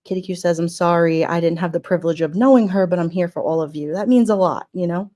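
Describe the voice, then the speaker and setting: A woman with a slightly low voice talks casually on a livestream. Her words ramble and loop back, full of feeling and on the edge of tears. She stops now and then to read chat comments aloud. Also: fast talker, dark tone. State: emotional. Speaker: livestream host. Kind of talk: casual livestream memorial talk.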